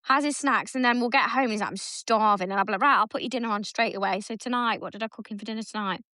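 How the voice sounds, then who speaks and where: A woman tells family stories at a quick clip, her voice sitting a little high. She slips into the lines of the people in her stories as she goes. The sound is close and dry, with no room around it. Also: no echo. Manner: animated storytelling, acts out her son's lines. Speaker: podcast co-host. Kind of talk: casual chat.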